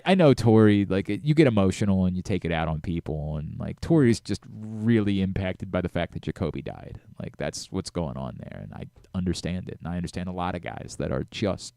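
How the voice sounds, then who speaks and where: A middle-aged man hosting a sports radio talk show, talking in an animated way with frequent restarts and self-corrections. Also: deep voice, creaky, no room sound, clean studio sound.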